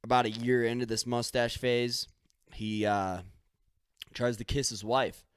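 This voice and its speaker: A man's voice: mid-range voice, little pitch movement, measured pace, smooth, no room sound, clean studio sound. A man hosting a solo podcast, rambling loosely, swearing casually and making up stories as he goes. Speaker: podcast host.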